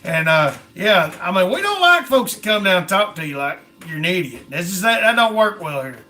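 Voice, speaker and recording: A man talks in an easy, folksy way, full of "ain't" and "I mean". His voice sits high and rings bright and forward. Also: sing-song, a little fast, faint music behind. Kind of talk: casual chat.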